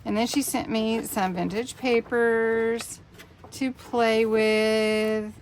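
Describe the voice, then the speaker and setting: Woman in her 50s, craft vlog host, unhurried, gravelly, overwhelmed and gushing, faint room noise. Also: fairly high pitch, steady tone. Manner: emotional, gushing, breathy exclamations. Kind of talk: casual unboxing vlog.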